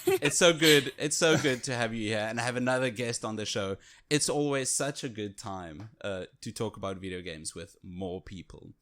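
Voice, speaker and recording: A male podcast co-host talking casually over a remote setup. He is playful and animated, laughs often, and keeps the chat bouncing along in a mid-range voice. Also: medium pitch, moderate pace. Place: home setup on a remote call.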